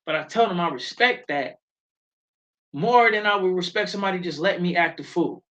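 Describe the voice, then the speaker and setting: A middle-aged man hosts a live show in casual talk. He tells stories in an animated, emphatic way and drifts into preaching. The audio is a little dull and lo-fi. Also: high-pitched, brisk. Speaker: show host.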